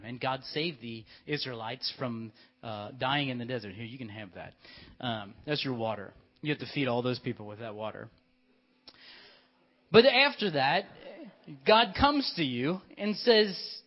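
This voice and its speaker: A male pastor preaching a sermon, telling the story in a lively way and directing children in a skit. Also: medium pitch, normal speed. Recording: dull lo-fi church recording.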